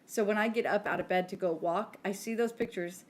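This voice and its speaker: A woman's voice: medium pitch, a little fast. A woman in her forties co-hosting a podcast, telling stories in a chatty way with lots of "like" and acted-out quotes. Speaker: podcast co-host. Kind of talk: casual chat.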